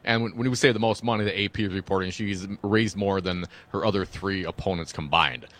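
A man's voice: low-pitched, fairly quick, fairly bright tone. A man co-hosting political talk radio, reading news with blunt, wry remarks. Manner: blunt, wry commentary with frequent "uh" fillers.

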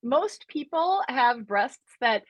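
A woman's voice: sits high, sing-song, slow pace, dry recording. A woman doctor appearing as a regular guest on a radio show, explaining health facts in a cheerful, giggly way into a studio microphone.

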